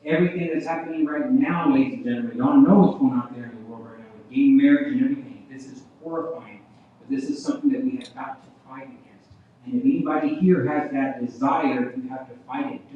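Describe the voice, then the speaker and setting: A man's voice: mid-range voice, animated, fast, a little hiss or hum. Preacher man in an echoey hall. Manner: repeats "ladies and gentlemen", uneven loudness. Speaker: guest preacher. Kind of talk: revival sermon testimony. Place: church hall. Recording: echoey hall, distant dull mic.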